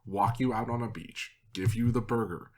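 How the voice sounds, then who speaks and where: A man co-hosting a casual film-review podcast, cracking deadpan contrarian jokes. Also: mid-range voice, moderate pace, slight background noise. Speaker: podcast co-host.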